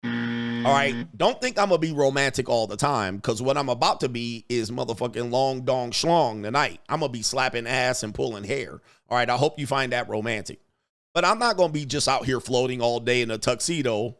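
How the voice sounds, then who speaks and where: A man's voice: medium pitch, normal speed, fairly bright tone. A man hosting a show, ranting in a crude, boastful, swaggering way in casual talk. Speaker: show host. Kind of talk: casual livestream rant.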